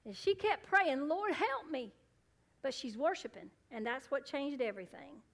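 A woman pastor preaching a sermon, swinging between loud emphatic bursts and hushed, low asides. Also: big pitch swings, normal speed.

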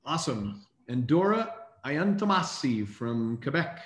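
A man hosting a casual online call, reading out names in an upbeat, brisk way. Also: medium pitch, sing-song, echoey room. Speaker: host.

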